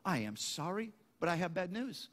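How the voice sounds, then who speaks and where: A preacher voicing a farmer in a joke, in a fairly everyday voice. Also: male voice, high voice, big pitch swings, moderate pace, fairly bright tone, pitched below the performer's own voice, exaggerated voice. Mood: sheepish. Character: plain-spoken farmer man, sheepish. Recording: echoey hall.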